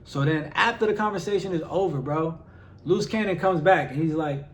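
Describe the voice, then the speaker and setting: A man's voice: on the high side, brisk. A man vlogging straight to his followers, exasperated and firing off rhetorical questions with lots of "like" fillers. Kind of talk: direct-to-camera vlog rant.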